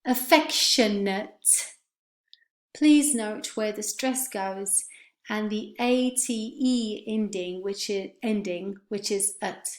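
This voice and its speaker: A woman teaching English pronunciation, modelling words and sentences slowly and clearly for her students. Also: medium pitch, a little mellow, reverberant. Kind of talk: online pronunciation lesson.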